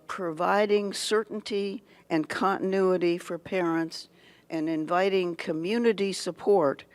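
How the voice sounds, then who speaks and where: A speaker delivering a prepared address to a schools association meeting, deliberate and halting with many pauses and restarts. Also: mid-range voice. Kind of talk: prepared public speech. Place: meeting hall at an annual meeting.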